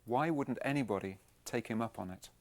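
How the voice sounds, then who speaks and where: Gently persuasive man giving a talk. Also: mid-range voice, brisk. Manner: plain, conversational, gently persuasive. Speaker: speaker at a Christian camp. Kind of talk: Christian teaching talk.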